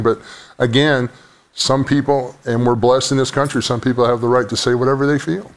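A man's voice: medium pitch, fairly bright tone. A middle-aged man joking on a talk-show panel, often acting out quotes in silly voices. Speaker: panel guest. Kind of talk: lively panel banter.

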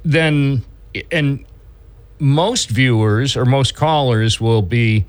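A man's voice: mid-range voice, extremely slow. A man hosting a radio talk show, rambling along and restarting his sentences as he chats with a caller. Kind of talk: casual radio chat.

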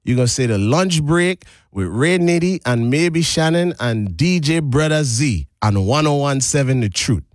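A man hosting a live radio show from the studio, talking in a loose, laughing way as he coaxes a caller along. His voice sits at an ordinary middle pitch and is miked close and dry, with no room sound at all. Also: expressive, normal speed, few pauses, dry recording. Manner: chatty, laughing, coaxing a caller. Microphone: studio microphone.

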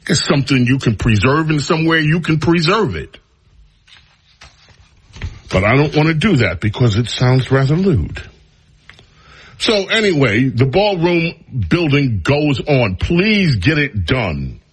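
A man's voice: mid-range voice, sing-song, unhurried, husky. A man hosting a talk radio show, speaking in a sarcastic, mocking monologue full of rambling asides.

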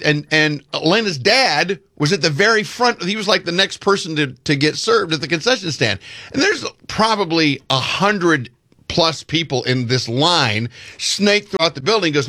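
Guy telling a story on a podcast, bright voice, jumps way up when he quotes himself. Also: a little high, moderate pace, no room sound, studio quality. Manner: animated, acts out voices, rising loudly when quoting himself. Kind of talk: casual storytelling chat.

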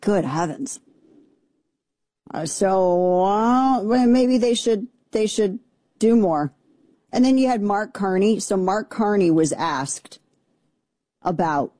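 Exasperated woman with a low, mellow voice. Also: measured pace, no echo. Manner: indignant, exasperated, rambling with restarts. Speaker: political commentary host. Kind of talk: opinionated commentary monologue.

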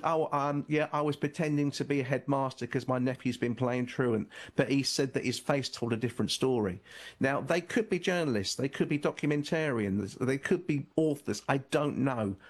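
Brief: male author on talk radio, mid-range voice, meandering and self-correcting. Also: medium pitch. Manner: rambling, repeats and restarts often. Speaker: author and guest. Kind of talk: radio interview storytelling.

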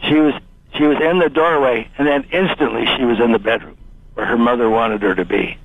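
A man calling into a radio show, telling a ghost story in a halting, hesitant way. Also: medium pitch, vocal fry, dry recording. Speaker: caller. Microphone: telephone. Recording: dry phone line.

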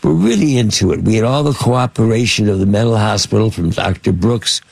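A man's voice: fairly low pitch, expressive, brisk, gravelly, breathy edge, no room sound. A man telling rambling anecdotes as an interview guest, full of fillers and restarts. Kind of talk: anecdotal storytelling.

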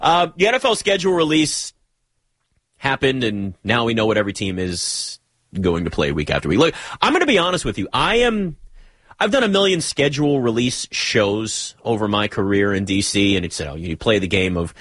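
A man hosting a live sports talk show, talking in an animated, joking way with rambling asides. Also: on the low side, normal speed, husky, no room sound. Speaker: radio sports talk host.

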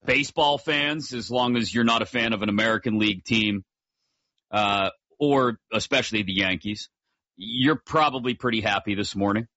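Guy hosting sports talk radio, punchy bright voice, jokey fast asides, dry kinda dull studio sound. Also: lowish voice, no echo.

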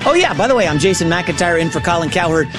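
A high-pitched, middle-aged man sits in for a sports radio host in a radio studio, speaking over music. He's excitable and rambling, with quick self-corrections.

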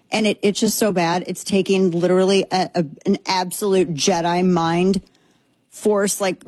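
A woman's voice: medium pitch, no room sound. A woman in her thirties from Texas hosting a casual opinion show, sarcastic and emphatic, repeating herself for effect. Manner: animated, sarcastic, emphatic repetitions. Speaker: commentary show host. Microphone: headphones.

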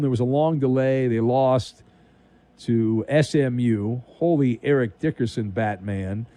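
A man's voice: mid-range voice, darkish tone, no echo. A man hosting an overnight sports talk radio show, delivering a wisecracking monologue with dramatic emphasis.

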